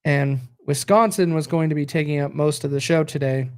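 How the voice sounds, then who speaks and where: A man's voice: on the high side, steady tone, brisk, clear, resonant tone. An American man hosting a casual podcast stream, tired and rambling as he reacts to news and viewer comments. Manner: rambling, reacts aloud to results and chat. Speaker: podcast host.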